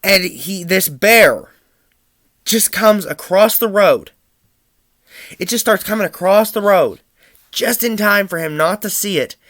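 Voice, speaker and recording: A young man from Pennsylvania spins family anecdotes with animated energy and frequent chuckles. His voice sits high for a man and rings bright. The sound is close and dry. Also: unhurried, pauses often, dry recording. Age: young adult. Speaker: student storyteller.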